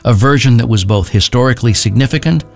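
A man reading a scripted radio announcement in a measured, formal delivery. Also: medium pitch, gravelly, faint music behind. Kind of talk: scripted news narration.

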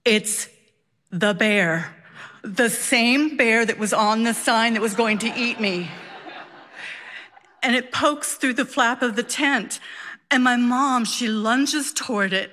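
A woman telling a personal story on stage with animated, dramatic delivery. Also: a little high, slow, a little hiss or hum.

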